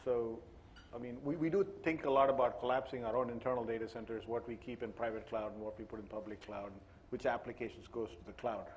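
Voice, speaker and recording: A man's voice: medium pitch, steady tone, quick pace, a little mellow, slight background noise. A man, an IT executive on a panel, speaking casually, with many restarts and loose asides. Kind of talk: panel discussion answer. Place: stage at a live panel event.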